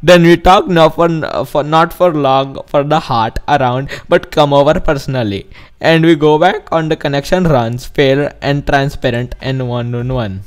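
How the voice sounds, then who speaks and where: A man's voice: on the high side, fairly even intonation, normal speed, close to an everyday voice. A man putting on an Indian accent, stumbling reading. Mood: mock formal. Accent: put-on Indian. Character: male narrator reading game text aloud.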